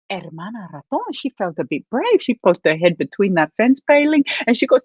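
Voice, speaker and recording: A woman telling a bilingual children's story, animated and laughing, dropping to whispers for suspense. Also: fairly high pitch, brisk, few pauses, slightly rough, dry recording, dull audio. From Australia.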